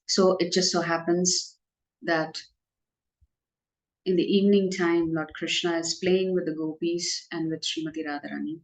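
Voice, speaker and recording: A woman telling devotional stories in a lively, animated way as the speaker of a spiritual class. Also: lowish voice, normal speed, rough recording. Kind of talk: devotional storytelling.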